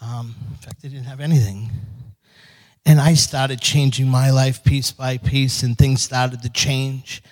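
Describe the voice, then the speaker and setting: Slow husky guy preaching a story, long hall reverb behind him. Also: mid-range voice, little pitch movement, darkish tone. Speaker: speaker. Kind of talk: storytelling sermon.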